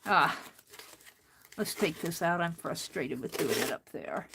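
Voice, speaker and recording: A woman's voice: low voice, expressive, unhurried, creaky, background noise. A woman hosting an art journaling demonstration, talking to herself as she stitches in a book and getting mildly frustrated. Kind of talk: casual crafting demonstration.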